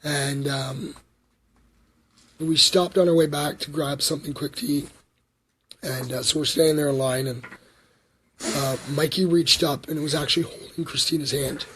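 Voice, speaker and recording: A man in his thirties with a husky voice, telling a personal story on a livestream in a rambling, halting way with many fillers. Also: a little high, steady tone, fairly bright tone, slight background noise. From Canada. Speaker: vlogger.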